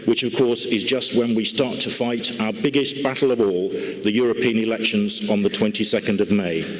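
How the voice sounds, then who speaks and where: A man giving a conference report from a podium, measured and deliberate, with dry humour. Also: medium pitch. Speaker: party lottery organiser giving a conference report. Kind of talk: conference speech. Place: large church hall used for a conference. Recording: long hall reverb.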